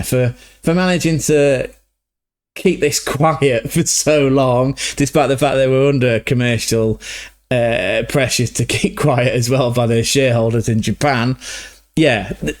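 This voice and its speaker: A man hosts a loose reaction video, talking over a trailer in a casual, animated way. He swears freely, laughs in the middle of his sentences and keeps tossing in "right?" at mid pitch.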